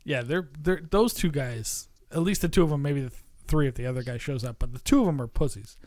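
A man's voice: mid-range voice, brisk, darkish tone, no echo, studio quality. A man hosting a podcast in casual chat, rambling, laughing often and swearing freely. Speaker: podcast host.

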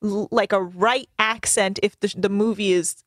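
A woman's voice: mid-range voice, fairly even intonation, normal speed, fairly bright tone, no room sound. A woman chatting as a podcast guest, rambling and poking fun at herself. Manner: rambling, self-mocking. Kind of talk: casual chat.

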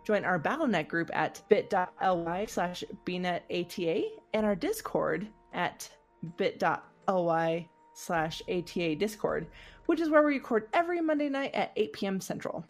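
A woman's voice: fairly low pitch, lively intonation, moderate pace. A bubbly woman co-hosts a laid-back gaming podcast and laughs often as she chats. Faint music plays under her voice. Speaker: podcast co-host. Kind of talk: casual podcast chat.

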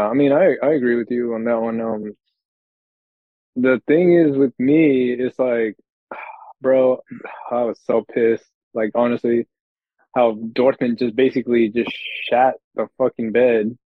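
A man's voice: medium pitch, no room sound. A man co-hosting a sports podcast, ranting with heavy swearing in casual chat. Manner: profane, animated ranting. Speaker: podcast co-host. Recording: tinny phone-like line.

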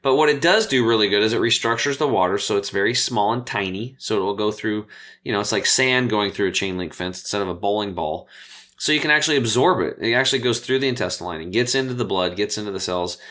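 Fast-talking bright-voiced man. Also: fairly low pitch. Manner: animated, acts out quoted voices. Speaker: guest health coach. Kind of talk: casual interview storytelling.

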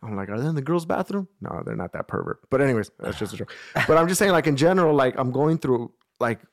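A young man in an easygoing chat with friends, spinning a story with heavy slang and constant swearing. He voices the people in the story as he goes. His pitch sits in the middle range. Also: quick pace. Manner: animated, swears freely, slangy, acts out quotes.

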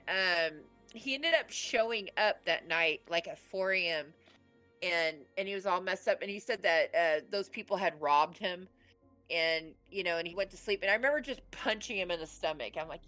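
A woman's voice: medium pitch, sharp tone, low-quality recording. A woman in her late forties telling a personal story in a rambling, casual way, full of filler words. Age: 40s. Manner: rambling, full of "you know" and "like".

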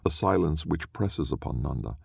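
A man reads a story aloud, slow, measured and solemn. His voice is very deep with a gravelly, dark edge. The recording is close and dry. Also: lively intonation, no echo. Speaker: narrator. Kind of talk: scripted story narration.

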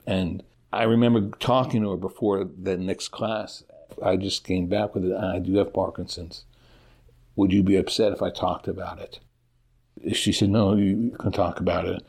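Man, middle-aged, husky, gravelly, candid interview guest, halting speech. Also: low voice, steady tone, a little mellow. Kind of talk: personal storytelling in an interview.

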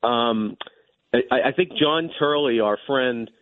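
A male legal commentator, a guest on a radio talk show, arguing in a measured way with frequent restarts over a phone line. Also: mid-range voice, dry recording.

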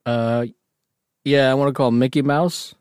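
A man's voice: mid-range voice, fairly even intonation, unhurried, darkish tone, clear, resonant tone, no echo, clean studio sound. A man co-hosting a casual chat, reacting to and joking about what his friend reads aloud. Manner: laid-back, reacting and riffing on his friend's reading. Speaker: co-host. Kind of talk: casual banter.

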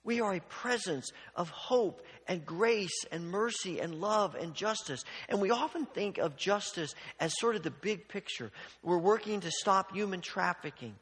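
A man preaching a sermon in an earnest way, often stumbling over repeated words and dropping to a hushed voice for emphasis. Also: high voice, lively intonation, measured pace, hardly any pauses, breathy edge, long reverb tail. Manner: earnest, repeats words when restarting, drops to quiet near-whispers for emphasis.

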